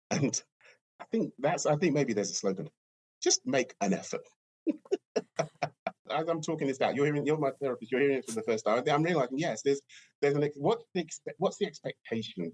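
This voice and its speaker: A British man, an entrepreneur, chatting in an interview and telling stories, laughing often and acting out other people's lines in a higher voice. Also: husky. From Britain. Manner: animated storyteller, laughs often, acts out quotes in a high voice. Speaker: entrepreneur guest. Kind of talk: casual interview chat.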